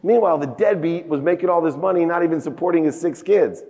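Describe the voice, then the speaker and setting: Man giving an emotional keynote in a hall. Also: fast talker. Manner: emotional storytelling with big swings in pitch and loudness. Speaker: keynote speaker. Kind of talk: motivational keynote speech. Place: large conference hall stage. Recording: echoey conference hall.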